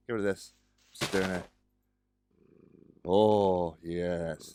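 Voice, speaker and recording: A man's voice: sits low, a little slow, pauses often, a little mellow, a little hiss or hum. A man casually commenting on a building game, chatty and hesitant, often talking to his in-game pets. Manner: chatty, talks to pets, hesitant with many ums. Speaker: gaming video host.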